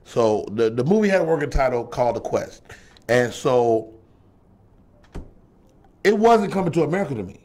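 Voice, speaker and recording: A middle-aged man hosts a relaxed talk show conversation. He tells stories with easy, conversational rhythm and voices the people he quotes. His pitch sits right in the middle range for a man. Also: normal speed, pauses often. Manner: storytelling, acts out quoted voices. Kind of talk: casual chat.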